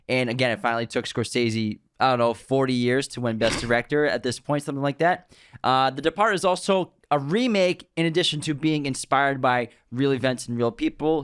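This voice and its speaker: A man co-hosting a casual film podcast, enthusiastically running through background facts in quick lists. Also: mid-range voice, clean tone, dry recording, clean studio sound. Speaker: podcast co-host.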